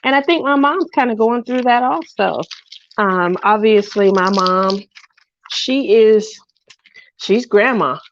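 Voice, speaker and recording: A middle-aged woman speaks at a medium pitch in casual livestream chat about crafts, slow and rambling, lonely and down, calling out viewers by name. A dry, somewhat muffled home microphone captures her.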